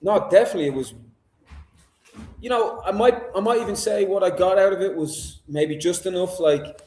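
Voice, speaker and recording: A man's voice: sits high, normal speed, a little mellow. A young man, a guest on a video-call stream, talking in a rambling, chatty, self-deprecating way. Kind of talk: casual livestream chat. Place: indoor room. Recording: echoey room over video call.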